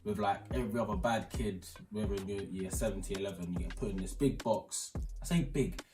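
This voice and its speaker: A young British man, the host, rambling and animated as he tells a school story in a casual chat at home. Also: lowish voice, fairly quick, far from the mic. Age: young adult. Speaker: channel host. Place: front room at home. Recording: roomy, off-mic, faint music behind.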